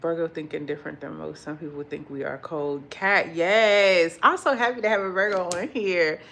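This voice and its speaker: Cooking at home, a woman talks to her live viewers in a gravelly, low-ish voice at normal speed. Her storytelling is animated, complete with impressions of what others said and plenty of cursing.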